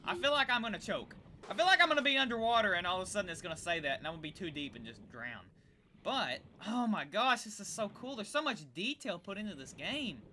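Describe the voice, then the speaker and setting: An excitable young woman narrates her gameplay in a bright, sharp voice that swoops high and low. She gasps and chats to the creatures on screen, with a faint hiss in the background. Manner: excitable, gasping, talks to the creatures. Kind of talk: casual let's-play commentary.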